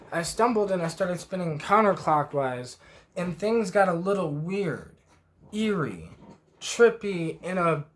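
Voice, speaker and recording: A man vlogging a rambling first-person trip report, emotionally stirred and swearing freely with many fillers. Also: sits high.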